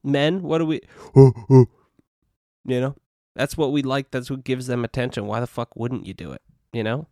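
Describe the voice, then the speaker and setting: A man's voice: medium pitch, steady tone, a little fast, darkish tone, no room sound, clean studio sound. A young adult man hosting a casual solo podcast, rambling and profane with constant "you know" and "dude" fillers. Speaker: podcast host.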